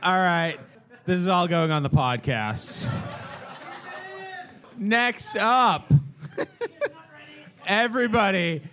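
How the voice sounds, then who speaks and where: A man's voice: high voice, slow pace, pauses often, bright, forceful tone. A man hosting a live comedy game show, announcing contestants and reading out questions. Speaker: host.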